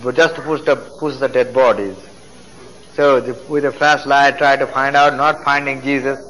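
A Nepali man with a Nepali accent preaches his sermon testimony in fervent, broken English. His medium-pitched, slightly bright voice stays fairly even at a moderate pace. The audio is poor, with faint hiss from an old tape.

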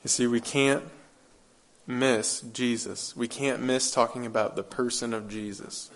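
A preacher gives an earnest, emphatic sermon in a man's ordinary middle pitch, speaking a little slowly with fairly even intonation. Rhetorical questions come again and again, and he keeps returning to his key phrases.

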